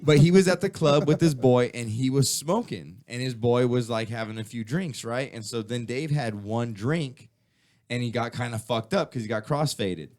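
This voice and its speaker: A man's voice: medium pitch, moderate pace. A man hosting a casual radio talk show, telling stories with lots of swearing and acting out the people in them. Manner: animated storytelling, heavy swearing, acts out quoted voices. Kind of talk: casual podcast banter.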